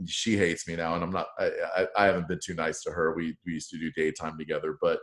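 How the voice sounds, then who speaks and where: A man's voice: low voice, fast. A radio morning show host, a man, telling profane, joking stories in a casual podcast interview. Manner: profane, joking, animated storyteller.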